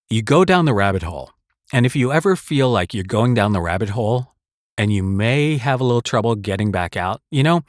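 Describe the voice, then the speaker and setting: A man's voice: mid-range voice, dry recording. A man who works as a voice actor, talking casually and earnestly about his craft, rambling with restarts and short laughs into a close studio microphone. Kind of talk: casual talk on voice-acting craft.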